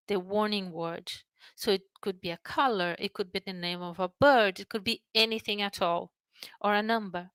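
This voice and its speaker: A woman from the United Kingdom who works in mental health, giving an earnest presentation and gently leading a breathing exercise. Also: mid-range voice, clean tone, dry recording. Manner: calm, earnest, slows and softens for the breathing guidance.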